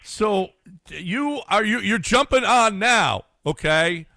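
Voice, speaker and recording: A man hosting sports radio in a dry studio. His voice is bright and a touch high, and he pushes back on his guest with amused skepticism. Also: lively intonation, takes it slowly, no echo. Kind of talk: casual sports radio chat.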